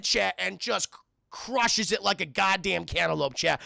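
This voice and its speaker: A man's voice: sits high, moderate pace, gravelly, sharp tone, no echo, studio quality. A man casually recapping a film scene by scene for his stream chat, swearing freely and acting out the characters' lines. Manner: profane, keeps addressing the chat, acts out movie lines.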